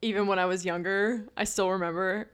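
A woman's voice: medium pitch, steady tone, fairly quick, smooth. A young woman co-hosting a podcast in casual chat, talking in a chatty way with many fillers and restarts. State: pregnant. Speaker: podcast co-host.

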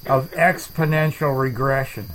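A man hosting a comedic chat show, rambling deadpan and making up silly words. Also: mid-range voice, unhurried, low-quality recording. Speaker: podcast host.

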